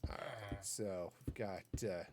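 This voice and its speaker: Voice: sits low, steady tone, slow pace, noisy background. A gaming streamer in their forties chatting casually while playing, rambling into asides and silly puns.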